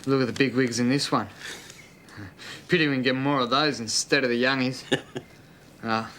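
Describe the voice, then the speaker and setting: An actor playing a leering, menacing Australian criminal who talks crudely and often drops into a rasping whisper. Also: male voice, mid-range voice, steady tone, moderate pace, a bit bright, a little hiss or hum, close to an everyday voice. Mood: gloating. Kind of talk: TV police drama acting.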